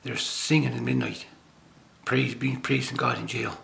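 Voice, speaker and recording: A man's voice: mid-range voice, little pitch movement, moderate pace, bright, forceful tone. An older man from Nova Scotia giving an informal spiritual talk as a lay preacher, rambling and jokey with many restarts. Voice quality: gravelly.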